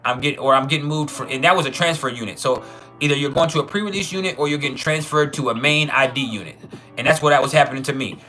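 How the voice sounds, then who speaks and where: A man's voice: a little high, quick pace, sharp tone. A man casually telling a personal story, profane and chuckling, with many trailing restarts. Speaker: channel host.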